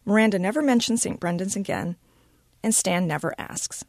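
A woman reading a short story aloud with expressive, animated storytelling. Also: medium pitch, moderate pace, gravelly, no room sound, studio quality. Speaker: reader.

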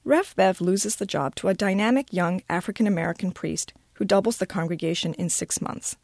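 A woman reading a short story aloud with expressive, animated storytelling. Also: medium pitch, brisk, gravelly, dry recording, clean studio sound. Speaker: reader.

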